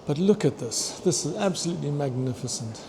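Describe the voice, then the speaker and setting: A man excitedly touring a fossil museum, chatting to his viewers and tripping over long names. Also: on the high side, a little fast, background noise. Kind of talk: walking museum tour vlog. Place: indoor museum hall.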